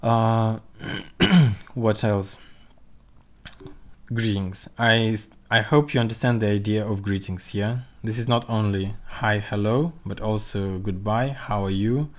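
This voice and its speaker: Man, language teacher, slow deliberate delivery, lowish voice, repeats sounds for learners. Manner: slow, careful, demonstrates pronunciation by repeating sounds. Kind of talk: livestreamed vocabulary lesson. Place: home room, streaming. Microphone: computer mic on a livestream.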